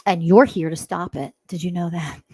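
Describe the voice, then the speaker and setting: A woman's voice: lowish voice, steady tone, moderate pace, a little mellow, husky, dry recording. A woman hosting a spiritual podcast, talking in a blunt, profane, mocking monologue. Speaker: podcast host.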